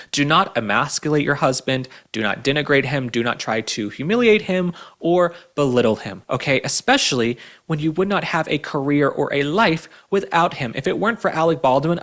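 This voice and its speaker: A man's voice: a little high, fairly bright tone. A man hosting an opinionated pop culture commentary show. He speaks emphatically and keeps tagging his points with "okay?". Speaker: host.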